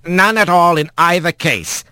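A man voicing an older, gravelly-voiced male bird doctor who speaks in a measured, gruff, matter-of-fact way. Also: sits high, sharp tone, no echo, pitched above the performer's own voice, exaggerated voice.

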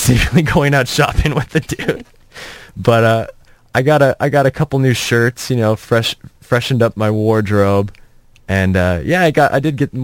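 A man's voice: deep voice, dry recording. A young man, a comedian, telling self-mocking stories in a rambling way that trips over its own words. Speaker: comedian, interview guest. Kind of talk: casual anecdotal storytelling.

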